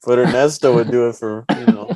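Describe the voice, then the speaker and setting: Laughing, animated male podcast host. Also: brisk, gravelly, no room sound. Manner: laughing storyteller who acts out squeaky high character voices; frequent "like" and "right?" tags. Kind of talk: casual chat.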